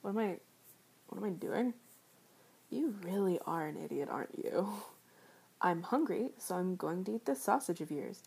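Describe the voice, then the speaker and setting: A woman performing an adult audio role-play, teasing and sarcastic, often slipping into soft whispers. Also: lowish voice, expressive, moderate pace, gravelly, long pauses, husky.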